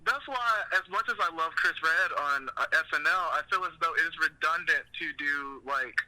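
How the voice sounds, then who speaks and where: A man's voice: fairly high pitch, normal speed, poor audio. A man co-hosting a casual comedy podcast, telling stories with lots of laughter. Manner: animated storytelling, laughs often. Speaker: podcast co-host. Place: room in Los Angeles.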